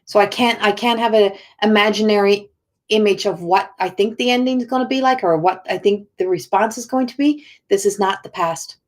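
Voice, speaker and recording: A woman coach chatting casually to viewers on a live stream, earnest and encouraging, with halting speech and frequent restarts. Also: medium pitch. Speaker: spiritual coach and oracle card reader.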